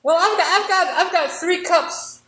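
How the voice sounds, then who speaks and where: A man voicing an earnest, idealistic communist mouse in a comedy podcast story skit, with a squeaky high voice. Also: moderate pace, bright, forceful tone. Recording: echoey bar room.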